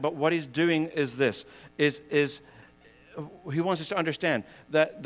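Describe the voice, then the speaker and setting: A man's voice: fairly high pitch, fairly bright tone. Earnest older male preacher. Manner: earnest, rising and falling emphasis, conversational asides. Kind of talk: sermon.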